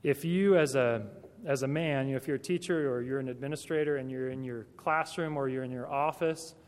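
Talking straight to a room of Christian teachers, a man poses rhetorical question after rhetorical question in a conversational style. He has a clean, medium-pitched voice and a fairly quick delivery, heard through long hall reverb.

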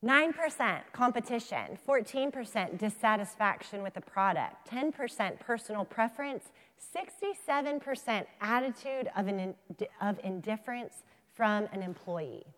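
A woman's voice: mid-range voice, moderate pace, hardly any pauses. A woman in her thirties giving a conference talk, telling stories and acting out the dialogue. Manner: animated storyteller, acts out dialogue. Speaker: keynote speaker. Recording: long hall reverb.

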